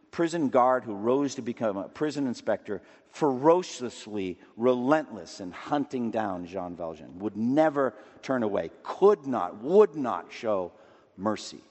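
Man preaching in a reverberant hall. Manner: emphatic, rising to loud declamation and dropping low. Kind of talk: sermon. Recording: long reverb of a large hall.

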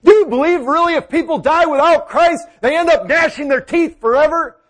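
A man preaching a fervent sermon, swinging between loud exhortation and low, hushed passages. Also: brisk.

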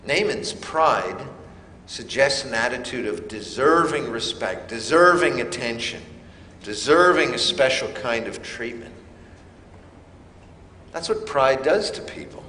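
A man preaching a sermon, slow and emphatic with dramatic pauses. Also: mid-range voice, expressive, sharp tone, roomy sound, long reverb tail, slight background noise. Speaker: pastor.

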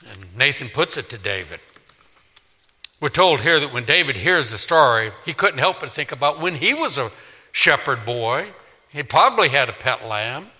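A male pastor preaching a storytelling sermon in a church, swinging dramatically from loud to hushed. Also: mid-range voice, sing-song, normal speed, husky. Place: church sanctuary. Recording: long church reverb.

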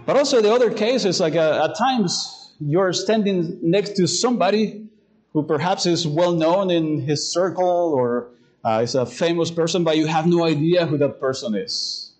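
A male pastor preaching a sermon, hesitant with fillers when telling a story and slowing down to read scripture aloud. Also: a little high, a little mellow, poor audio.

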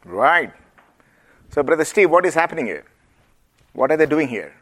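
A man's voice: on the high side, normal speed. A man with an Indian accent teaching the Bible to a group and asking them questions. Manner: asks the audience questions, lively and engaging. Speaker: preacher.

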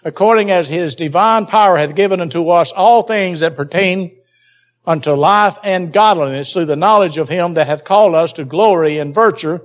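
A man preaching a Bible teaching sermon, emphatic and repeating key phrases for stress. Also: a little high.

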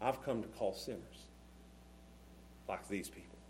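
A man preaching a sermon with passion, dropping to a hush and then rising to shouts. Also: fairly low pitch, unhurried, slight background noise. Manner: impassioned, swinging from hushed to shouting.

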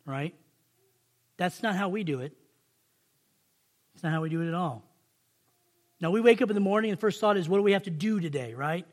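A man giving an informal sermon to coworkers, talking conversationally, repeating phrases and checking in with a quick "right?". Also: high-pitched, animated. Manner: conversational, repeats and restarts phrases, stretches key words slowly; addresses listeners directly with "right?".

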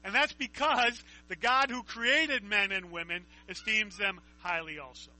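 A man's voice: high-pitched, measured pace, bright, forceful tone, low-quality recording. A man preaching a conversational Bible teaching, reading scripture aloud and asking his listeners questions.

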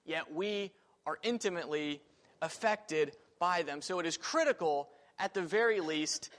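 A man's voice: on the high side, a little slow, fairly bright tone. A man teaching a church Sunday school class in a casual, conversational way, thinking aloud with fillers and restarts. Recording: reverberant room.

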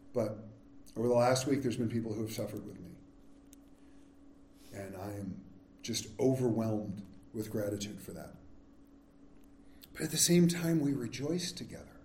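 Male pastor, conversational sermon, mellow tone, roomy sanctuary echo. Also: high voice. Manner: candid, self-deprecating, conversational. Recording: echoey church sanctuary.

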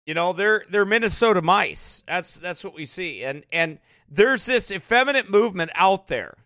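A man's voice: high-pitched, animated, moderate pace, pushed and bright, no room sound, clean studio sound. A man speaking as a pastor in a sermon-style commentary, emphatic and repeating tag questions like "right?" and "eh?".

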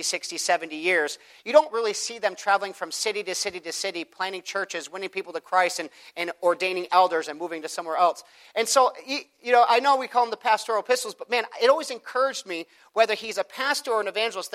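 A man preaching a sermon, telling a personal story in an animated way and acting out the people in it. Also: high voice. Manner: animated storytelling, acts out quoted voices.

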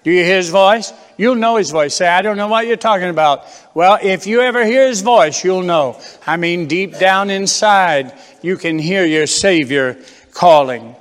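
A man's voice: high-pitched, measured pace, long reverb tail. A man preaching a fervent sermon, firing rhetorical questions and repeating phrases for emphasis.

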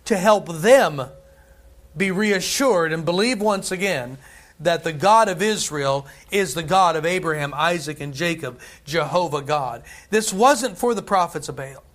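High-pitched, chatty preacher man. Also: expressive, a little slow, fairly bright tone. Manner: conversational, repeats phrases, tosses in "right?" and "amen". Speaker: pastor. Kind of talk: sermon.

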